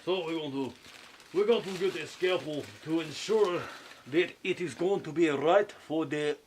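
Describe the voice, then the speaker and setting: Deadpan man narrating a mock surgery. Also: fairly high pitch, moderate pace, a little hiss or hum. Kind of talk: casual joking home video.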